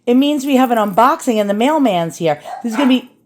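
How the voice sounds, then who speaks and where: A woman's voice: on the high side, animated, fast, a little mellow, slight background noise. A woman casually chatting through an antiques unboxing, self-deprecating and full of "like" fillers. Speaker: antiques vlogger.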